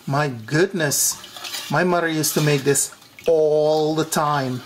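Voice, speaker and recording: A man from Suriname hosting a cooking vlog, chatting to viewers as "you guys" with big swings in pitch. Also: slow pace, a little hiss or hum. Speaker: cooking show host.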